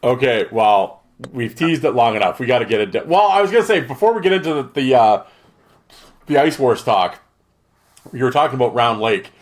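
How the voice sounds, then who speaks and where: A man hosting a podcast interview, tossing in quick affirmations and steering the conversation. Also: medium pitch, very animated. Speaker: podcast host. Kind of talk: casual interview chat.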